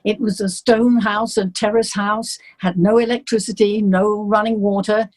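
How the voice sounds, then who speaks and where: An older woman from England, a singer, chatting as a guest and telling childhood stories in a lively, anecdotal way. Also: medium pitch, normal speed, rough recording. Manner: chatty, warm anecdotes, laughs easily. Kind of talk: interview.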